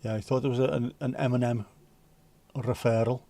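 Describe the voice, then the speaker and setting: A man's voice: medium pitch, fairly even intonation, brisk, creaky, dark tone. A man hosting a livestream, chatting casually and rambling while reading out viewer comments, with the odd swear word. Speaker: livestream host.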